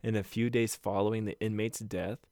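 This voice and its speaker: A man co-hosting a casual podcast, telling a ghost story and then chatting in a profane, animated way. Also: lowish voice, fairly quick, no echo, studio quality. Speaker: podcast co-host.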